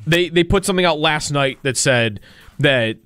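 A man's voice: fairly high pitch, expressive, normal speed, a bit bright, clear, resonant tone, no room sound. Matter-of-fact male co-host. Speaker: sports talk co-host. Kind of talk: casual sports chat.

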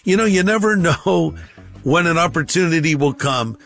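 Pastor, male, a touch high, spirited storyteller who voices the other characters, faint music under him. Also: normal speed. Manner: lively storyteller acting out both sides of dialogue. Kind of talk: anecdote told on radio.

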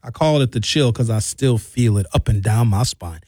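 A man's voice: fairly low pitch, normal speed, husky, no echo. Blunt fifty-something man ranting. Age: 50s. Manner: animated storytelling with acted-out quotes; blunt, profane, opinionated. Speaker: commentator. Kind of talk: casual monologue.

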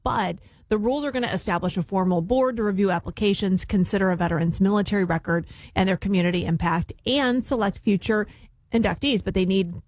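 A woman's voice: medium pitch, darkish tone, dry recording. A woman co-hosting a live radio show, reading community announcements in a conversational way. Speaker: radio news anchor and co-host. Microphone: studio microphone.

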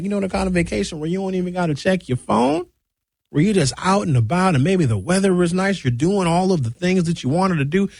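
A man's voice: high-pitched, creaky, husky, dry recording. Chatty, dry-sounding radio host man. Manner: chatty, drawn-out, animated storytelling. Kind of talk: casual talk-radio monologue.

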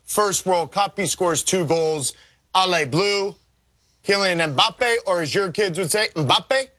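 A man working as a soccer analyst, giving excited studio analysis on a TV sports show. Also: sits high.

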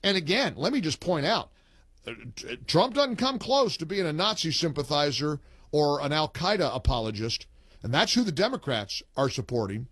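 Man, talk radio host, slightly high voice, dry studio sound, punchy, emphatic. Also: very animated, normal speed, fairly bright tone, no room sound. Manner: emphatic, punchy, reads in clipped phrases.

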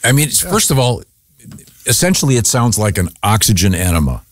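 A man's voice: on the low side, sing-song, a little fast, dry recording. A man hosting a morning radio show, joking and rambling with restarts and laughs. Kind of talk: casual radio banter.

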